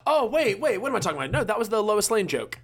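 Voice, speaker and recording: A man's voice: high voice, very animated, fast, breathy edge. A man co-hosting a podcast, rambling wryly in casual chat, often restarting his sentences. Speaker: podcast co-host.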